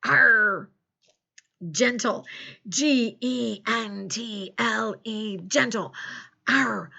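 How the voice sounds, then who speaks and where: A middle-aged woman teaching an online phonics lesson in a cheerful, animated way, spelling words out letter by letter and adding playful pirate arrs. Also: on the high side, extremely slow, gravelly, lo-fi sound. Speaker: second grade teacher.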